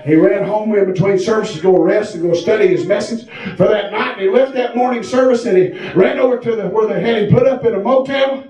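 A man preaching a fiery sermon in a church, shouting in a sing-song preaching cadence. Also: sits high, a little fast, dull audio. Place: church sanctuary. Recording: echoey church from far off.

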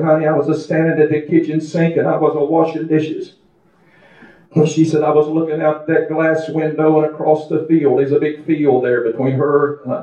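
An older man preaches a fervent testimony sermon in a church. His voice sits somewhat high for a man. It is recorded from a distance, so it sounds roomy and a bit dull. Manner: fervent, builds to high shouting preaching with laughter. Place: church sanctuary.

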